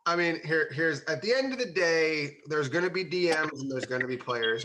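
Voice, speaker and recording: A man's voice: fairly high pitch, expressive, normal speed, few pauses, pushed and bright, a little hiss or hum, low-quality recording. A man co-hosting a casual tabletop gaming talk show, opinionated and jokey, rambling through his points. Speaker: podcast co-host, game master. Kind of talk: casual chat among friends.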